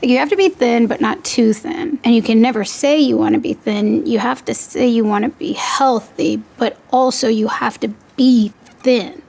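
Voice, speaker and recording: A fed-up grown woman speaks her mind in a film scene. Her voice is husky with a gravelly edge. It sits fairly high. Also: steady tone, normal speed, a little mellow. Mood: impassioned.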